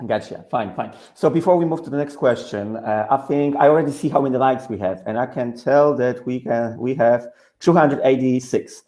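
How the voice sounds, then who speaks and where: A man's voice: medium pitch, moderate pace, darkish tone. A man whose first language is Polish, hosting an online webinar in English and telling stories in a chatty way, full of "like". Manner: chatty, leans on "like". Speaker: host, school founder. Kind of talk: casual webinar storytelling. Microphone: video call.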